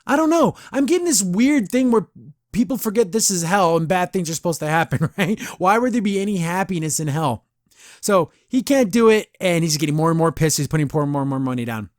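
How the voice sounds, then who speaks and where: A man's voice: high-pitched, animated, a little fast, no echo, studio quality. Chatty man reviewing a cartoon episode. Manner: chatty, rambling, laughs often, says "I don't know" a lot. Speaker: podcast host.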